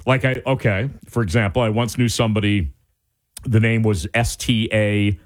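A man hosting a radio talk show, chatting casually in an animated, rambling way with restarts. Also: on the low side, normal speed. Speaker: radio host.

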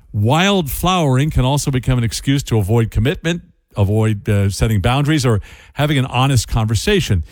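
A man's voice: medium pitch, darkish tone, no echo. A man hosting a radio talk segment, chatty and breaking in with joking asides. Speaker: radio host.

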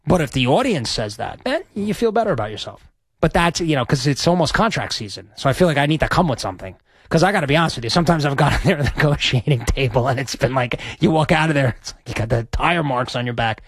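A man's voice: mid-range voice, animated, quick pace, breathy edge, dry recording. A man hosting a sports radio show, talking in a rambling, chatty, self-deprecating way into a studio microphone. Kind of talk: casual radio chat.

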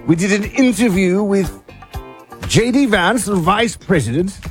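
A man's voice: high voice, expressive, unhurried, faint music behind. A man co-hosting a talk radio show, bantering playfully with his partner. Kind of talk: casual talk radio chat.

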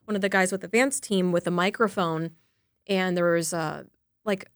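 A woman reporter recounting her day in casual, lively on-air chat. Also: fairly low pitch, moderate pace, no echo. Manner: lively, chatty storytelling.

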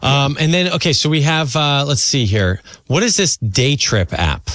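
A man hosting a casual interview, relaxed and asking short follow-up questions. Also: mid-range voice, moderate pace, no echo. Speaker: radio show host.

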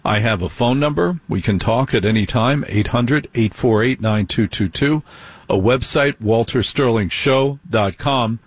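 Middle-aged male radio host, husky, close dry studio mic, conversational monologue. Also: mid-range voice, a little slow, dry recording. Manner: conversational, repeats phrases for emphasis, asks listeners direct questions. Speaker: late-night radio host. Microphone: studio microphone.

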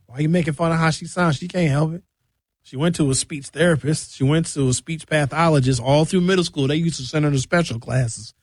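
A man's voice: fairly quick, a little mellow, breathy edge, dry recording, studio quality. A man hosting a radio show, telling comic stories loosely with big swings in his voice. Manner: loose, joking storyteller with big pitch swings. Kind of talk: comedic radio monologue.

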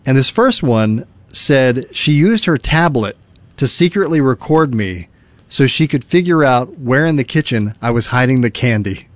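A man's voice: medium pitch, expressive, unhurried, dry recording. A man hosting a casual talk show, chatting and reading listener stories aloud with frequent laughs.

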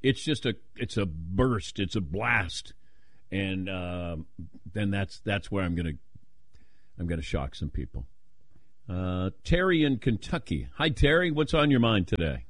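A man hosting a sports call-in radio show, self-deprecating and quick to laugh. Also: low voice, animated, dry recording, studio quality.

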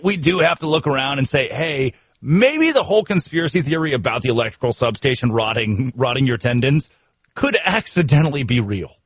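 A man's voice: on the high side, fairly bright tone, slightly rough, no echo. A man hosting a sports radio show, riffing in comic talk with laughter and mock outrage.

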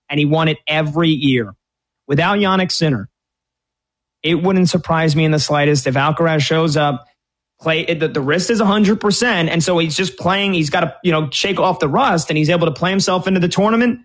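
A man's voice: fairly high pitch, fairly quick. Opinionated man giving tennis betting picks. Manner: opinionated, rambling, many restarts. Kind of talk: sports betting commentary.

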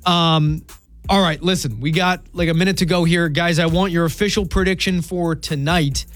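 A male sports radio host with a high voice who talks in lively, exasperated bursts. Faint music runs underneath. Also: normal speed, no echo. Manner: animated, exasperated banter.

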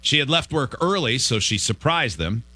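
Male radio host, lively and bright, dry close mic, storytelling banter. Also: medium pitch, normal speed, no echo. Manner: animated storyteller, poses scenarios. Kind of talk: casual morning show banter.

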